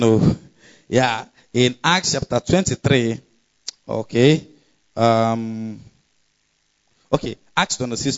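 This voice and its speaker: Male preacher, mid-pitched, emphatic and chatty, slightly muffled recording. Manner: emphatic, conversational preaching with frequent laughs and scripture readings. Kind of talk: sermon.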